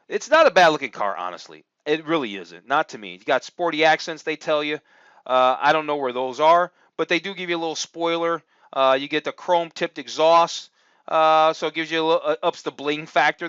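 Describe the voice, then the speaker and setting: A man's voice: fairly high pitch, moderate pace, a bit bright, smooth, dry recording. Casual male reviewer, chatty and upbeat, lots of "uh"s; dry, dull-sounding home mic. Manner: chatty and upbeat, thinking aloud with many fillers. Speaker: car review host. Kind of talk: casual screen-share review commentary.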